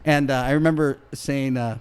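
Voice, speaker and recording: A man's voice: medium pitch, normal speed, clear, resonant tone. A male comedian guest telling anecdotes in casual chat, acting out the voices of the people in them. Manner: animated, acts out voices in anecdotes. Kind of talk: casual storytelling. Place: restaurant bar.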